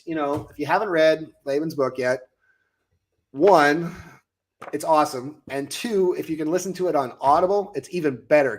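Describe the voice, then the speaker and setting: A man in his late thirties from the United States, a coach and show host, telling his story in a casual chat and acting out his own past lines. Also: on the high side.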